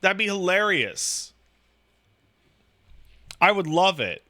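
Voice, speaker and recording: A man in his thirties chatting casually about raising a baby, profane and animated, full of "like" and restarts. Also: sits high, slow. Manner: profane, animated storytelling with lots of "like". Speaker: podcast talker, new father. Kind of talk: casual chat.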